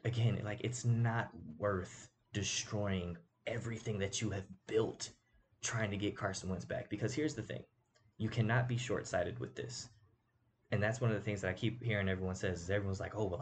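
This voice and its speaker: A man with a deep, low voice gives casual football commentary as host of his show. He argues his points emphatically, throwing in rhetorical "right?" asides. A faint hiss sits under the recording. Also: normal speed.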